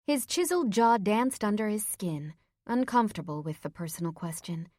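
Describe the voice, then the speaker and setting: A woman narrating a first-person romance audiobook, expressive and rising brightly on the heroine's lines. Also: mid-range voice, normal speed, no echo, studio quality.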